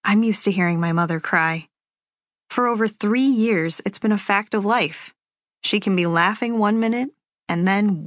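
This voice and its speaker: Slow, measured woman narrating a novel. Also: medium pitch, a bit bright, dry recording, clean studio sound. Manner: measured, unhurried first-person telling. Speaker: audiobook narrator. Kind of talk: scripted first-person audiobook narration.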